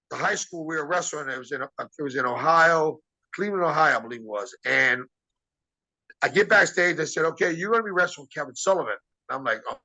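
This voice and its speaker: Male interview guest, husky, bright and forceful delivery, rambling storyteller who acts out quoted dialogue. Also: fairly high pitch, rough recording. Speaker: interview guest, former wrestler. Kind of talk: casual storytelling.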